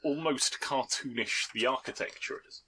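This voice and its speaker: A man's voice: medium pitch, normal speed. A man narrating as game master in a tabletop game, laughing often and rambling with restarts. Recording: faint background noise.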